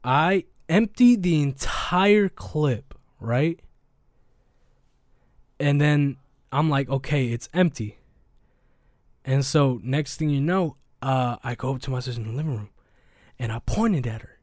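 A man's voice: on the high side, animated, measured pace, darkish tone, no room sound, studio quality. A young man hosting a podcast, telling stories in a slangy, profane, rambling way with lots of fillers. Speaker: podcast host. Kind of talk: casual podcast chat, storytelling.

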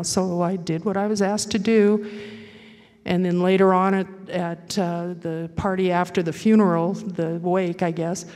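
A woman giving a halting, reflective personal testimony at a recovery meeting, with many pauses and fillers. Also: lowish voice, flat delivery, darkish tone, big-room sound.

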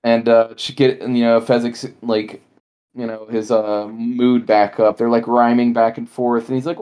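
A woman co-hosting a podcast, chatting casually and in a rambling way about a movie, acting out lines. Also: moderate pace. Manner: animated, rambling, acts out lines in high voices. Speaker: podcast co-host. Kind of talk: casual movie review chat.

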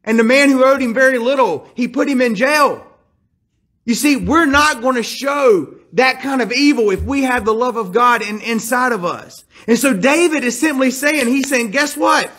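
A man's voice: extremely high pitch, moderate pace, a bit bright. A male pastor preaching a sermon, retelling a scripture story with emphatic, direct appeals to his listeners.

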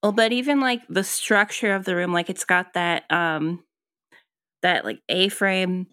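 A woman's voice: on the low side, a little slow, a bit bright, no room sound, studio quality. A woman co-hosting a podcast, musing casually with many ums and restarts. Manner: thoughtful, hesitant, many ums and likes. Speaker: podcast co-host. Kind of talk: casual chat.

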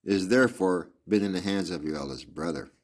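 A man reading aloud as a brilliant, precise Victorian male detective, in a measured, lecturing manner. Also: low voice, expressive. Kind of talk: audiobook reading with asides.

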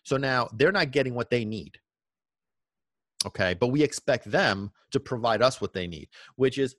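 A man's voice: medium pitch, expressive, moderate pace, dry recording. Emphatic man, dry close sound. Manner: emphatic, repeats "okay?" and rhetorical questions. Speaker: dog trainer, podcast host. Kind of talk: podcast monologue.

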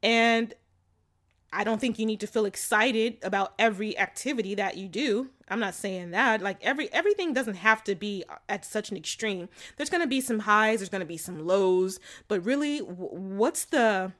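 A woman in casual vlog mode giving frank relationship advice at a middle pitch. She talks loosely and candidly, scattering "like" and "you know" through her sentences. She laughs often and drops into slangy phrasing. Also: fairly bright tone. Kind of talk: casual chat to camera.

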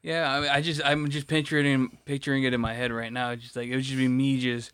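A man's voice: medium pitch, little pitch movement, quick pace, fairly bright tone, clear, resonant tone, no echo. Blunt, foul-mouthed man, dry sound. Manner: profane, blunt, self-deprecating. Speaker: podcast co-host and editor. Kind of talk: casual chat. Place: home computer setup.

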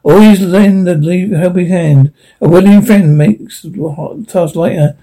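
A man's voice: high-pitched, a little slow, mellow, poor audio. A man voicing a confused young sailor who stumbles over his words. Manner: hesitant, stumbling.

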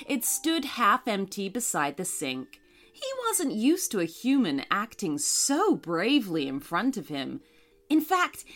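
A woman reading a bedtime story aloud as a storyteller, gentle and expressive. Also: mid-range voice.

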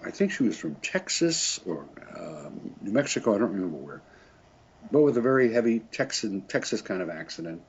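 His voice sits on the low side, sing-song and at a normal speed, with a slight hiss or hum. An older French horn player, he rambles through stories in a casual interview, laughing softly and revising what he says. The audio is dull and lo-fi.

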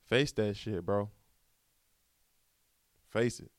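Animated man giving a slangy pep talk. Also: fairly low pitch, extremely slow, dry recording, clean studio sound. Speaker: podcast host. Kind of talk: casual motivational monologue.

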